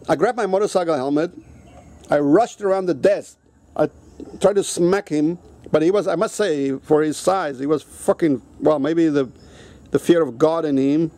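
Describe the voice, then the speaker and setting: A man with a fairly high voice tells a personal story as a casual vlog rant. He is blunt and heated, swearing constantly. His delivery is loose and conversational, full of restarts. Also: normal speed, mellow. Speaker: vlogger.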